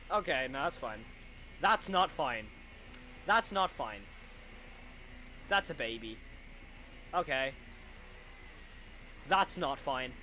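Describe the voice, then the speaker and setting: A man's voice: on the high side, animated, slow, pauses often, pushed and bright, a little hiss or hum. A young man streaming a horror reaction, chatting casually and reacting aloud with repeated exclamations. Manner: chatty, answers viewer questions. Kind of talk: live reaction commentary.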